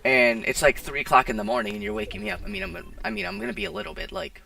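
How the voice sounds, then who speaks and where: A teenage boy vlogger tells a casual storytime, rambling, restarting, and saying "like" constantly. His voice is high, gravelly, bright, and forceful, racing along with animation, and the poor-quality mic makes him sound distant and dry.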